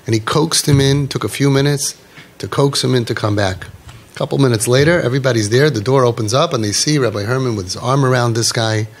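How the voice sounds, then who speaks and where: A man's voice: mid-range voice, quick pace. A man coaching parents in an inspirational talk, telling stories and repeating key phrases with emphasis.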